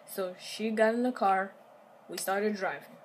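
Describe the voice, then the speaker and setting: A young woman vlogger telling a story in a casual, animated way, talking straight to her viewers. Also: medium pitch, measured pace, slight background noise. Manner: animated, chatty, addresses viewers directly.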